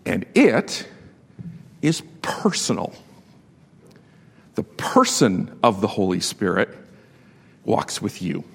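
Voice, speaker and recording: Animated male preacher in a reverberant hall. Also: sits low, slow pace, gravelly, long pauses, slightly rough. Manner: animated storytelling, laughs often, swings between loud and hushed. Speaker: pastor. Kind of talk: sermon.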